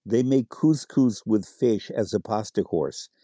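A man's voice: on the low side, a little slow, mellow, no room sound, clean studio sound. A man being interviewed on the radio as an expert on Italian food, explaining dishes with enthusiasm and spelling out words.

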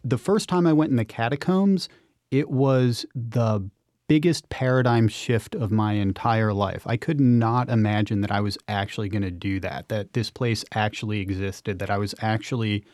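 Man, radio interview guest, lively storyteller, urban explorer, dry close sound. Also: fairly low pitch, dry recording. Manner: enthusiastic, vivid storytelling.

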